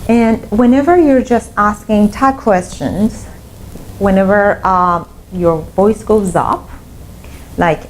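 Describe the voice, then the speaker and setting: A woman's voice: medium pitch, expressive, slow pace, a little mellow, a little hiss or hum, poor audio. A woman teaching an online English lesson, explaining step by step and repeating her examples. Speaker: English teacher and language school founder.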